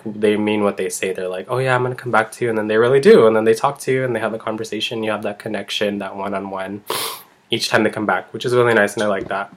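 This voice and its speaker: Man, eyebrow artist, casual vlog chat, rambling, lots of fillers, lowish voice. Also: a bit bright. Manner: rambling, heavy use of "like".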